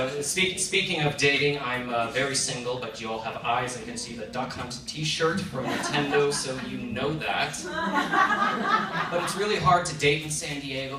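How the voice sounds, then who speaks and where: A male stand-up comedian performing a self-deprecating set with animated punchlines on a comedy club stage. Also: mid-range voice, recorded from a distance. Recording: echoey club recorded from afar, noisy. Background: audience laughter.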